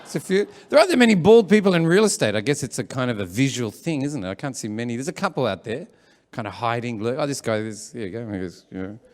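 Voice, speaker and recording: A man's voice: medium pitch, animated, quick pace, a little mellow, in a large hall. A man hosting an event as a comedian, chatty and teasing the crowd live. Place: live event room with audience.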